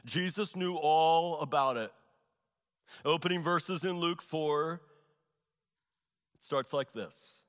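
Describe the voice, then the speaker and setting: A male pastor preaching a sermon in a church, telling a story with animated, exaggerated asides. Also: on the high side, slow, pauses often, in a large hall. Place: large church hall.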